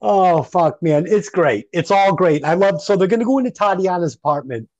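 A woman's voice: fairly low pitch, animated, normal speed, darkish tone, no room sound, lo-fi sound. A woman hosting a casual movie podcast, enthusiastic and casually profane. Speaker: podcast host. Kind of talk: casual movie review chat.

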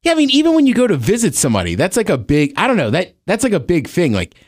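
A man's voice: high-pitched, huge pitch swings, quick pace, no echo, studio quality. A man co-hosting a podcast, chatting casually and agreeably and laughing along with his partner. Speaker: podcast co-host. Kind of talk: casual chat.

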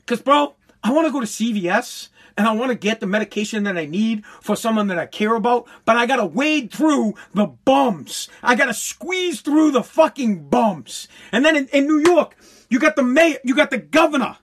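High-voiced man in a profane, heated rant. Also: expressive, normal speed. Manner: heated, profane, bursts into shouting; stumbling restarts when worked up. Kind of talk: angry political rant.

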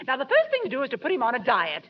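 A woman with a high, lively voice that sounds prim, affected and haughty. It is a 1940s radio comedy, heard through a muffled old broadcast with a faint hiss. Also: very fast. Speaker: comic guest.

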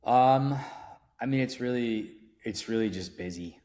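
A man's voice: medium pitch, a little slow, a little mellow. A man guesting on a podcast, talking casually and rambling with many fillers and restarts. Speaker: event promoter guest.

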